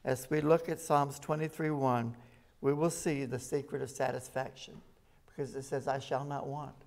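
A man's voice: mid-range voice, level tone, moderate pace, creaky, darkish tone. Man preaching a sermon. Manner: conversational preaching, reads scripture aloud with rising emphasis. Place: rescue mission chapel.

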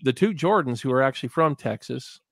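A man hosting a casual group chat with a laid-back, easy delivery and frequent laughter. His voice sits at a middle pitch. The sound is dry and close. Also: animated, brisk, vocal fry, no echo. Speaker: podcast host and director.

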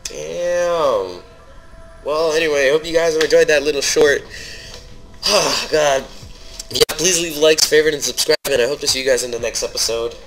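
A man as a gaming channel host, giving live gameplay commentary in an excitable way that swings from mumbling to loud outbursts. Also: fairly high pitch, fairly quick, faint music behind. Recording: steady background noise.

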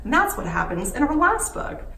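A children's librarian with a gravelly, high-sitting voice reads a picture book aloud to young kids at a moderate pace. She's animated and exclamatory, gasping often and asking them questions. The room echoes, the mic is far off, and there's faint background noise.

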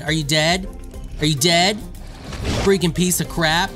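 High-voiced excitable gaming man. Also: faint music behind. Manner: excitable, quick to anger, rants at game creatures. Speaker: gaming YouTuber. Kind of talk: let's play commentary.

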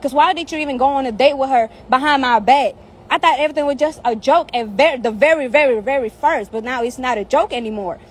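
A woman's voice: high-pitched, fast talker. A woman outdoors, venting to her followers in a heated, profane, repetitive rant. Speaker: social media personality.

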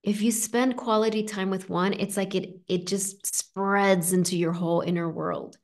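A woman coach leading a live online session, talking gently and reassuringly, with frequent fillers and restarts. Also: mid-range voice, fairly even intonation, moderate pace. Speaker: inner child coach. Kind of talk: live coaching session, reading chat comments.

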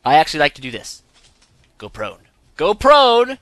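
A young man hosting a gaming channel, giving excitable let's-play commentary and yelping when things go wrong. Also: medium pitch, a little fast, no echo. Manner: excitable, yelps and laughs when in trouble.

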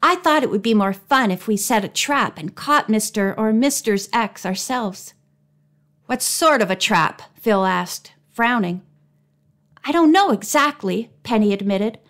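A woman reading a children's mystery novel aloud in a clear, even storytelling voice, lightly voicing each character. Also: a little high, normal speed. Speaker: audiobook reader.

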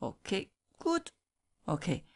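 Slow-spoken teacher woman, gravelly. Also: lowish voice, huge pitch swings. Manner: patient, repeats syllables slowly, laughs easily. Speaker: Chinese teacher. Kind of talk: slow pronunciation drill.

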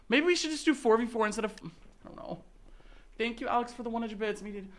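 A man's voice: very high-pitched, normal speed, pushed and bright. A man livestreaming a game, chatting with viewers and thanking them for support, swinging between muttering and shrieking. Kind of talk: casual gameplay livestream chat.

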